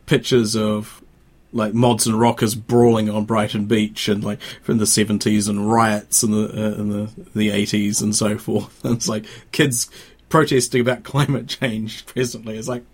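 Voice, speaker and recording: A man's voice: on the low side, level tone, moderate pace, husky. A man co-hosting a casual podcast chat, laughing often and rambling with fillers. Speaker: podcast co-host.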